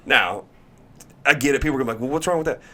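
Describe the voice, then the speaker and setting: A man, a pro baseball pitcher, telling a story in casual chat and acting out the voices of the people in it. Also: very fast. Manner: animated, acts out quoted voices, laughs while telling. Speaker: guest, MLB pitcher.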